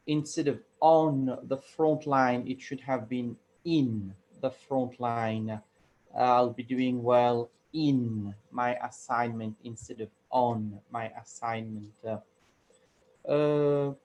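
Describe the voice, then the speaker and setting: Slow, careful man giving a report. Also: mid-range voice, a little mellow. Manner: slow, careful, with frequent filler sounds. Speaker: grammarian at a club meeting. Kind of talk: reading a meeting report. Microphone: video call.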